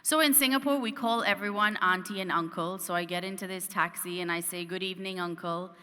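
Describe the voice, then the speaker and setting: A woman delivers a keynote from a conference stage, telling her story in an animated way and asking the audience questions. Her voice is bright and forward. The sound rings with a long reverb from the hall. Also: medium pitch, fairly quick. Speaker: keynote speaker.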